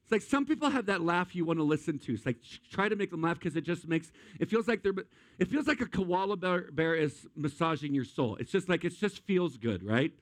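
A man preaching a humorous sermon to a live audience, asking the crowd questions and acting out voices with animated energy. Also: on the high side, brisk, no room sound, studio quality.

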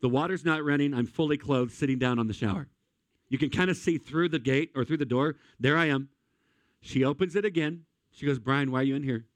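A young man preaching a sermon, telling a story with lively energy and building to emphatic points. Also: fairly high pitch, a little fast, no room sound. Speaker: pastor.

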